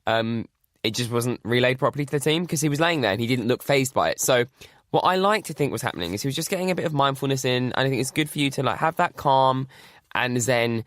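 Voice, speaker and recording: A man's voice: mid-range voice, expressive, fast talker, fairly bright tone, dry recording, clean studio sound. A man hosting a casual podcast chat, chatty and filling talk with "like". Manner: chatty, says "like" often. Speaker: podcast host.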